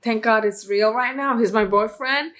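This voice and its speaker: A woman with a rather high voice talks through a film in a casual vlog review. She is chatty and openly emotional, and she keeps looping back with "you know" and "like" as she goes. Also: moderate pace, fairly bright tone. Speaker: movie reviewer.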